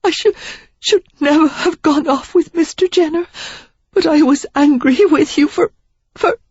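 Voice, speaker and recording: A reader doing a tearful young gentlewoman. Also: steady tone, a little fast, no echo, lo-fi sound, natural voice. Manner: high, gasping and sobbing. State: crying. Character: tearful young gentlewoman writer, prim and shaken.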